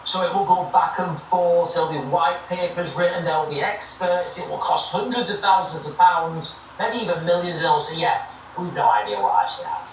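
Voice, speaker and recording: A man's voice: high-pitched, normal speed, hardly any pauses. A British man hosting a livestream, arguing emphatically and checking in with "right?" as he builds his points. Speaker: livestream host. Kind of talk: heated livestream debate. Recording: echoey, far from the mic, faint noise.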